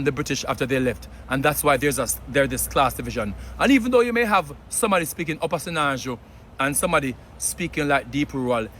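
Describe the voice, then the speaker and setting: A Jamaican man delivers emphatic commentary, sliding between English and patois. His voice sits a bit high and comes across forceful and sharp. Faint outdoor traffic murmurs behind him. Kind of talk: opinion commentary.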